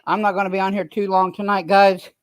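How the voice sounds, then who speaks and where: A man's voice: high-pitched, flat delivery, fast. A man hosting a casual livestream chat, greeting viewers by name, tired and in pain. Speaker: livestream host.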